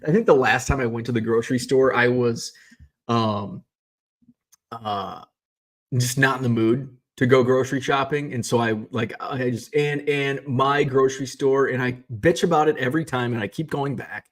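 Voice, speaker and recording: A man's voice: medium pitch, moderate pace. A man hosting a vlog, talking casually from his car, rambling and swearing freely as he complains. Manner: rambling, profane, exasperated ranting. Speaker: vlog host.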